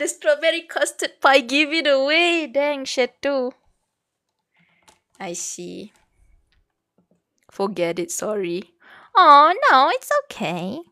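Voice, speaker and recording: Chatting casually on her livestream, this young Malaysian VTuber streamer mixes English and Malay and speaks with a Malaysian English accent. Her voice is a little high with a fairly bright tone, and faint music can be heard behind her.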